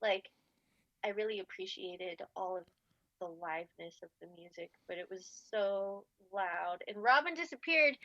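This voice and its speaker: A woman in her forties telling a story in casual podcast chat, animated and often laughing. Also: mid-range voice, normal speed, dry recording. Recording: slightly dull, dry podcast audio.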